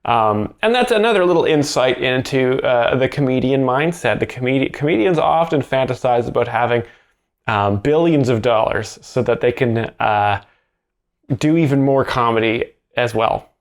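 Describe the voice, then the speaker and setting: A man's voice: mid-range voice, animated, normal speed. A man hosting a parody commentary, explaining comedy in an earnest, mock-serious way. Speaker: host, mock joke explainer.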